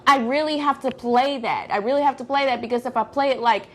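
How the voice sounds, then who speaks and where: A woman in her thirties co-hosting a casual podcast, talking in an animated way and acting out the voices of people she quotes. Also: high-pitched, quick pace. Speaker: podcast co-host. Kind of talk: casual chat.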